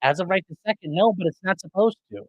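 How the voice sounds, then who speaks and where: A man's voice: high-pitched, fast talker, no room sound, narrow, tinny audio. A man hosting a live stream, casually chatting and answering viewers' comments. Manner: chatty, rambling, fixing mic settings mid-stream. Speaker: livestream host reading chat. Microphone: streaming desk mic.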